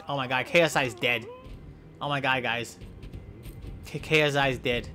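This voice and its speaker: Excitable young man doing goofy play-by-play. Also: a little high. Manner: excitable, yelps and shouts in mock pain. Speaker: gameplay commentator.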